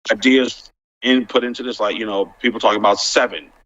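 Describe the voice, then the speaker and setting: A man chatting as a panel guest, halting and restarting, filling his talk with "like". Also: fairly low pitch, steady tone, fairly bright tone. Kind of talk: casual panel chat. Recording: dull, lo-fi sound.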